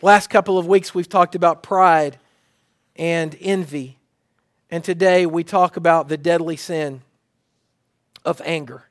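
A middle-aged pastor delivers a sermon in a fairly high voice, hammering home his points through repetition. The sound is dry and close, with no room echo. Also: steady tone, measured pace, pauses often. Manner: repetitive preaching cadence, restarts.

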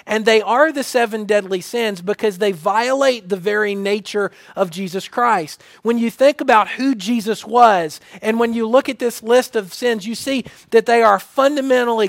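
A man's voice: high voice, no room sound, studio quality. A middle-aged man preaching a sermon, building his points through repeated phrases and frequent restarts. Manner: repetitive preaching cadence, restarts. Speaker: pastor.

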